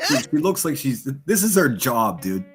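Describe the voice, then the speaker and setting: A man's voice: mid-range voice, very animated, normal speed. A man hosting a livestream, reading chat and mocking people with crude insults and laughter. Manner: insulting, sneering, laughs at own jokes. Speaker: livestream host.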